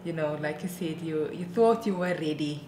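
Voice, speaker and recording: A woman's voice: sits low, moderate pace. A woman chatting casually at home, talking her sister through things in a reassuring way. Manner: warm, reassuring. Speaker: vlogger's sister. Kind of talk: casual chat. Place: home, indoors. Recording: roomy, distant, noisy phone recording.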